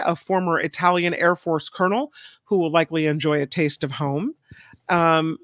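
A woman's voice: on the low side, a bit bright, dry recording. A woman from California co-hosting a casual news show, reading stories aloud and chatting about them. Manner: chatty, reads stories then riffs.

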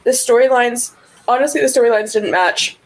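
A woman's voice: fairly high pitch, moderate pace, rough recording. A woman co-hosting a film review podcast, chatting casually, swearing freely and laughing often. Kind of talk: casual chat.

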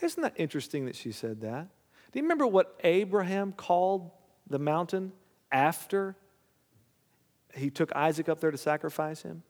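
A man's voice: on the high side, big pitch swings, normal speed, darkish tone. A male pastor preaching a sermon, reading scripture aloud and then commenting, often checking in with the congregation. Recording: long hall reverb.

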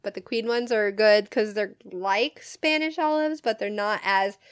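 A woman's voice: medium pitch, unhurried, smooth, dry recording, studio quality. A woman co-hosting a casual chat, telling a story and laughing often. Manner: giggly, tells stories, laughs often. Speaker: podcast co-host.

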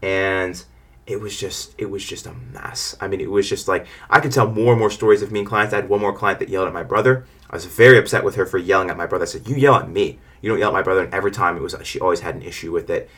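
Young male business owner, low-pitched, quick, frank and rambling. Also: fairly even intonation, a bit bright, husky. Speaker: lawn care business owner. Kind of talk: casual advice monologue.

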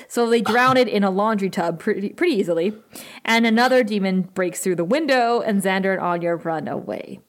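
A woman co-hosting a casual podcast, animatedly retelling scenes and acting out dialogue, quick to laugh. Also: medium pitch. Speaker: podcast co-host. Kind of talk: casual recap chat.

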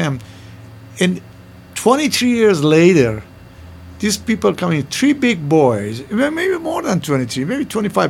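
A man's voice: on the high side, creaky, slight background noise. An older man, a former restaurant owner, telling stories in a casual interview, rambling with restarts and broken grammar.

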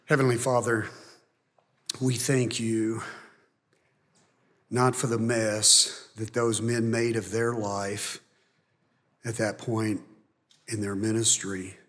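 A man preaching a sermon, emphatic and climbing high and loud on key points, then dropping soft. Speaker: pastor. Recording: long hall reverb.

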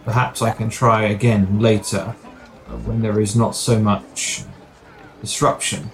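A man voicing a solemn, smug man who was once a dog, speaking in slow, grave, cryptic pronouncements. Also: on the low side, level tone, soft background music.

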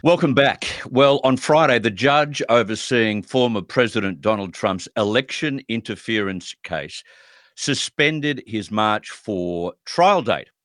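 A man's voice: on the low side, unhurried, fairly bright tone, dry recording, studio quality. A man hosting political talk radio, speaking emphatically and indignantly. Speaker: radio talk show host.

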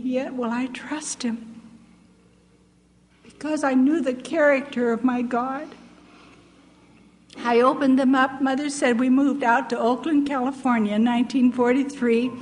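An older American woman, a missionary, earnestly telling her personal testimony as a story. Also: high-pitched. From United States. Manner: earnest, heartfelt, laughs softly while telling. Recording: long hall reverb.

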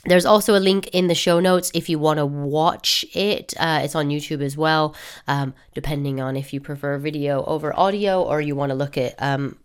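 A woman with a croaky voice from a cold, giving a chatty, upbeat podcast intro with plenty of fillers. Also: deep voice, fairly even intonation, normal speed. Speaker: podcast host.

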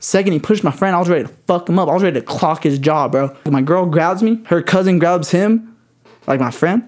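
A man telling a long story in a casual chat, animated and heavy on swearing. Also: fairly high pitch, fast.

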